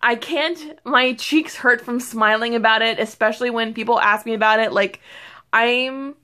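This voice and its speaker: A young woman beauty vlogger chatting casually to camera, excitable and rambling, full of fillers and restarts. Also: a little high, normal speed. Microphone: phone or camera mic.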